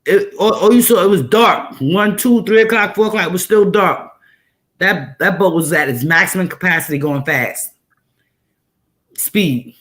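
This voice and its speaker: An animated woman tells a story in casual chat. Her voice is bright and forceful, and she leans hard on repeated phrases to drive each point home. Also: on the low side, normal speed. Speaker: host.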